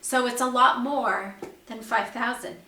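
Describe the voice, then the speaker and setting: A woman teaching a Bible lesson to young children, explaining slowly and clearly and asking them questions. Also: fairly high pitch, fairly even intonation, pushed and bright, reverberant. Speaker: second grade teacher.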